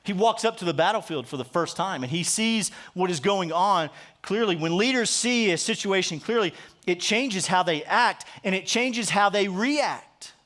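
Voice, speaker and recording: A man's voice: sits high, animated, normal speed, fairly bright tone. A man pastor preaching a sermon, retelling a Bible story conversationally, with frequent restarts.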